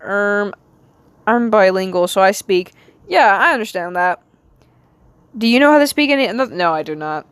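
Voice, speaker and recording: An American woman with a light Southern accent, rambling casually to her stream while she draws, talking to herself with quick bursts of excitement. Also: medium pitch, clear, resonant tone, no echo. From United States. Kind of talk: casual live-stream chat while drawing.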